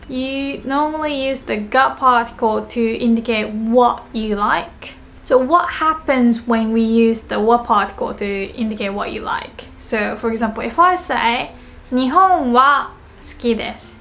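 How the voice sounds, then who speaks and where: Lively woman teaching a language lesson. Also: high voice, gravelly. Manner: lively, repeats example sentences twice, slows on key words. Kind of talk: casual online language lesson.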